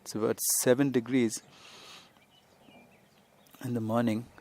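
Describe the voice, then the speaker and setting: In a flat, slightly slow delivery, a man with a warm, mid-range voice gives an unplanned podcast lesson on a hillside outside. As a spiritual teacher and host, he talks in a rambling, conversational manner and repeatedly says "you see."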